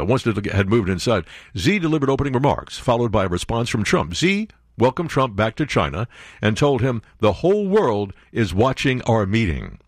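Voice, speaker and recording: A man's voice: medium pitch, dry recording, studio quality. An older man from New York hosting a talk radio show, delivering sarcastic, mocking, opinionated commentary.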